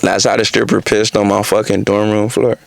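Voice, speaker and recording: A young man telling a casual storytime on his vlog, animated and heavy on profanity and street slang. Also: on the low side, fairly quick, gravelly, a little hiss or hum. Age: young adult. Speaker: vlogger.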